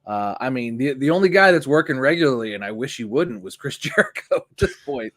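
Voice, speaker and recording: A man co-hosting a casual podcast, talking in a rambling, animated way with frequent restarts. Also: medium pitch, a little fast. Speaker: podcast co-host; youth sports coach. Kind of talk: casual chat.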